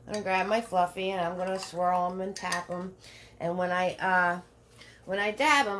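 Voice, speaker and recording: Bright-voiced woman teaching painting. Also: on the low side, fairly even intonation, moderate pace, slight background noise. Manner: chatty, greets viewers by name while painting; repeats steps, asks "right?" often. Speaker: painting instructor. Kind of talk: live-streamed painting lesson.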